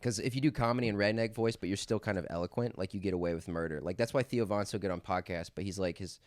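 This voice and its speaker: Low-voiced rambling comedian. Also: male voice, fast, no room sound. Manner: rambling, full of "like". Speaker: comedian guest. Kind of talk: casual podcast chat.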